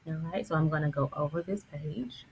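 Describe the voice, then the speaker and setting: A woman teacher reading a book aloud to her students, patient and encouraging, pausing to restart words. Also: low voice, darkish tone, slight background noise, rough recording.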